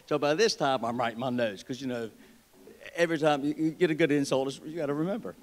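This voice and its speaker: A man's voice: medium pitch, quick pace. Folksy Southern man giving a speech. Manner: folksy, wry, joking. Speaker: state treasurer giving a convention speech. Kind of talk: political speech with folksy storytelling. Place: convention hall.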